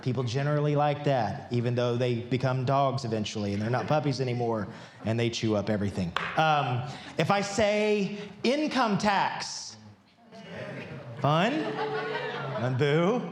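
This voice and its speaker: In a large church, a pastor jokes and chats playfully with the congregation before reading from scripture. His medium-pitched voice has lively intonation and a measured pace, and the recording picks up background noise and the echo of the church hall.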